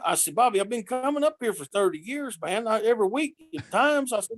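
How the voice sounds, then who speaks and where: A man's voice: sits high, a little fast, dry recording. Man with a drawl spinning yarns. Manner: lively, acts out quoted voices. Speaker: podcast guest telling road stories. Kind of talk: casual storytelling.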